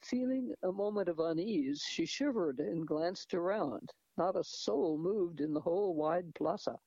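Male reader, fairly high-pitched, close dry mic, dull lo-fi recording. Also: unhurried, mellow, dry recording. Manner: hesitant, with restarts and asides. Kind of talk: reading a novel aloud.

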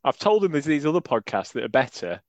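A man's voice: mid-range voice, very animated, fast talker, no room sound. A man chatting on a casual football podcast, rambling wryly through jokes and asides. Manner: wry, rambling banter. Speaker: podcast co-host.

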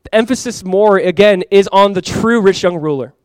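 A man's voice: high voice, moderate pace, smooth, dry recording. A man preaching a sermon as pastor, conversational and emphatic, talking to the congregation and inviting them to respond. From California.

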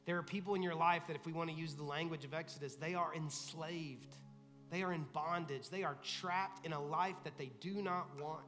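A man's voice: fairly high pitch, steady tone, normal speed, fairly bright tone, in a large hall, soft background music. A pastor giving a conversational sermon, acting out the people he quotes. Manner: conversational preaching, acts out quoted voices. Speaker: lead pastor. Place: church sanctuary.

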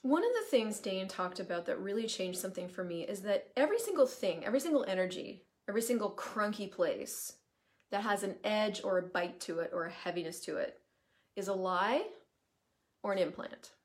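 A woman hosts a live video in a chatty, emphatic way. Her voice sits at an ordinary middle pitch. She greets viewers as they join and swears now and then without any fuss. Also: animated, brisk. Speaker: certified facilitator hosting a live video. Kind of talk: casual live-stream monologue.

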